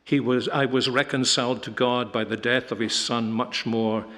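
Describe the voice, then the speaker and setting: A middle-aged man preaching a sermon, emphatic, rising to loud peaks and dropping to quiet, slow stresses. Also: steady tone. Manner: emphatic, building to loud peaks then dropping low and soft. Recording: long hall reverb.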